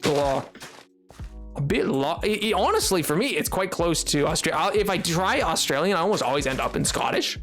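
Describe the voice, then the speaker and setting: A man's voice: fairly high pitch, animated, brisk, a bit bright, soft background music. A young man streaming a game, chatting casually and rambling with many fillers. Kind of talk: casual live-stream chat.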